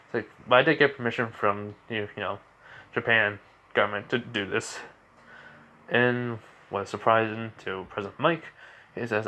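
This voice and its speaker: A man's voice: on the low side, steady tone, moderate pace, pauses often, bright, forceful tone. A teenage boy casually narrating a fan story in a rambling way. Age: teens. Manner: rambling, with fillers and restarts.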